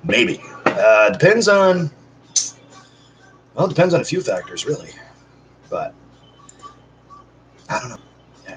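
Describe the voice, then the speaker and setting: Casual male vlogger at home, lowish voice, rambly and self-mocking, talks straight to viewers in one take. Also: very animated, measured pace, long pauses, background noise. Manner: rambling, joking, self-deprecating asides to viewers. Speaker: channel host. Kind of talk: casual unedited one-take vlog chat.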